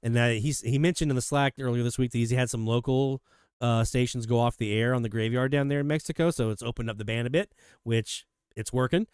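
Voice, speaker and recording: A man hosting a live radio hobby show, chatting casually and enthusiastically as he reads out listener shoutouts. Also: mid-range voice, fairly even intonation, a little fast, clear, resonant tone, dry recording, studio quality. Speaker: host of a radio hobby livestream.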